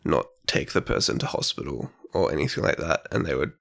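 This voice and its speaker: A young man co-hosting a podcast, talking casually and thinking aloud with pauses. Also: rumbling low, expressive, creaky, a bit bright. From Australia. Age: young adult. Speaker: podcast co-host. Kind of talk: casual chat.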